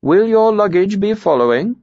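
A man reading an audiobook, voicing a shrewd, imperious nobleman with a measured, courtly, commanding manner. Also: high voice, lively intonation, no echo, highs cut off, voice pushed up.

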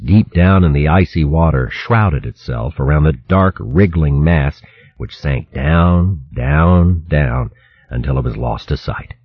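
A man narrating a fantasy adventure in a dramatic, expressive audiobook reading. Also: very deep voice, breathy edge, dry recording. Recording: dull lo-fi recording.

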